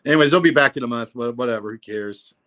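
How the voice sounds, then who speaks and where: A man's voice: medium pitch, quick pace, fairly bright tone. A man hosting a casual livestream, rambling and profane, full of "you know, man.". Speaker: livestream host.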